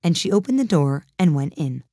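A woman narrating a storybook in a measured, even way. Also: low voice, slightly rough, no echo, studio quality. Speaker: audiobook narrator.

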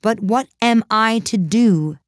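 A woman's voice: fairly high pitch, takes it slowly, no room sound, studio quality, voice pushed up. A woman voicing a polite but exasperated young girl who keeps asking earnest questions. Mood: insistent.

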